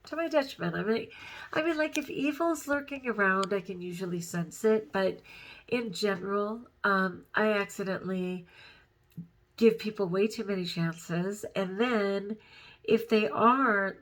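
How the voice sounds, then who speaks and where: A woman's voice: mid-range voice, a bit bright. A woman vlogger talking casually to her viewers, rambling and giggly, overtired and close to tears. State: overtired and upset. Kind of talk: casual personal vlog.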